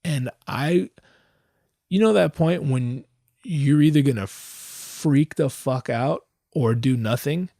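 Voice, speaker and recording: Profane, animated man telling a story. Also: slow, gravelly, no echo, clean studio sound. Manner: profane, slangy and animated, swinging between loud outbursts and low asides. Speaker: podcast host. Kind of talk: comic storytelling.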